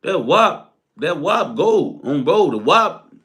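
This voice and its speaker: A young man giving a crude, animated solo commentary rant, laughing as he goes. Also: on the high side, takes it slowly. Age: young adult.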